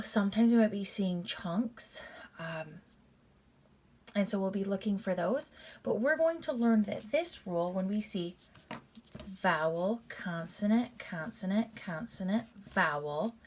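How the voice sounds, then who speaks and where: In a recorded reading lesson, a woman teacher with a mid-range, darkish voice works through patterns deliberately and step by step. She's animated, repeats each pattern, and addresses her students as "you guys."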